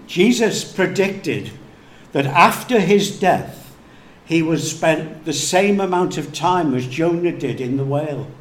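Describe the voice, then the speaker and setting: A male pastor preaching a sermon slowly and deliberately, dropping to hushed tones for emphasis. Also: on the high side. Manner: slow, deliberate preaching with hushed dramatic drops. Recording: echoey room with faint background noise.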